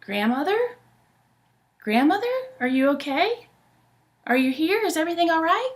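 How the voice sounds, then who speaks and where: A woman's voice: very high voice, sing-song, normal speed, voice pushed up. A woman voicing Little Red, a sweet, earnest young girl. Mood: worried.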